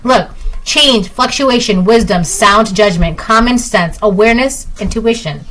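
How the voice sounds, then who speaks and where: A woman's voice: mid-range voice, a little slow, a bit bright, poor audio. A woman giving a casual tarot reading, chatty and repetitive, often ending lines with "right?". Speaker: tarot reader.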